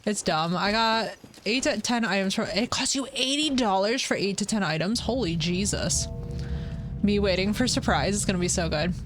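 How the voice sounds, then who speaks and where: A woman with a medium-pitched voice talks at a moderate pace, with faint music in the background. She's an American streamer playing a video game live, chatting playfully, reading viewer messages aloud and making teasing jokes in casual gameplay banter.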